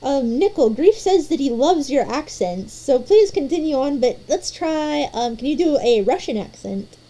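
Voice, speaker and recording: A woman's voice: high voice, animated, moderate pace, warm tone, rough recording. A woman hosting a late-night stream, chatting playfully and prompting her caller with questions. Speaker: streamer host. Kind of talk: casual chat.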